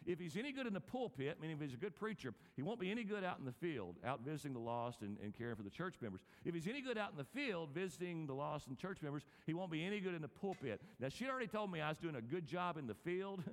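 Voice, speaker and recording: A male pastor delivers a sermon in a folksy, storytelling way, often chuckling at his own tales. His voice sits in the middle range for a man. The room carries a long, lingering reverb. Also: medium pitch. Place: church or large hall with an audience.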